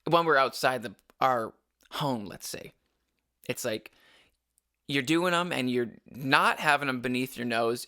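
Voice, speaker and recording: A man's voice: on the high side, bright, forceful tone. A young adult man hosting a casual solo podcast, rambling and opinionated with frequent restarts. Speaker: podcast host.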